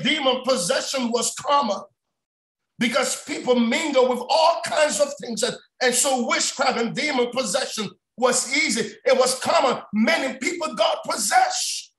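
Impassioned high-pitched male preacher, echoey. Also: moderate pace. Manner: impassioned, shouting preaching with repeated phrases. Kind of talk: prayer-line sermon. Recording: echoey room sound.

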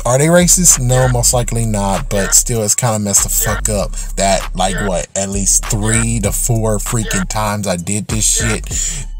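A man's voice: on the low side, unhurried, music in the background. A man ranting angrily and swearing as he vents about an online game. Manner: ranting, frequent swearing, exasperated. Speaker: gaming channel host. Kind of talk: angry gaming rant.

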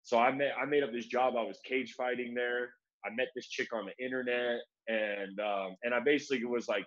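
A man's voice: medium pitch, steady tone, fairly quick, a bit bright. Slangy young American man telling stories. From United States. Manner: slangy, lots of "like" and "bro". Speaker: MMA fighter being interviewed. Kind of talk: casual storytelling. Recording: dull lo-fi sound.

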